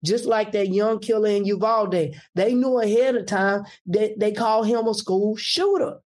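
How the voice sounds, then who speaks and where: A man's voice: sits high, unhurried. A man, a political candidate, telling a personal story and acting out what people said. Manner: animated, acts out quoted speech.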